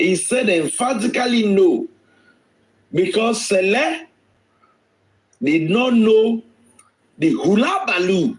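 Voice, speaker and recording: Male guest, forceful and repetitive, high voice with wide swings, unhurried delivery. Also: big pitch swings, low-quality recording. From Nigeria. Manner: emphatic, repeats phrases, rises and drops sharply in pitch. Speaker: guest speaker on a live stream. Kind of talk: impassioned live-stream talk.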